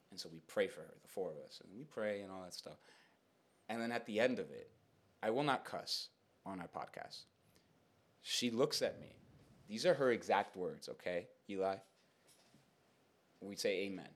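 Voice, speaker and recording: Lively young man telling a story. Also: on the low side. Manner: animated, rambling with many fillers and repeats. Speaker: podcast host. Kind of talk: casual storytelling chat.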